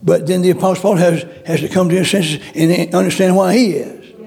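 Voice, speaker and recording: Gravelly, high-voiced man preaching. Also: fairly even intonation, fairly quick, a little mellow. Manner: repetitive, emphatic, acts out quotes. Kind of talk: sermon.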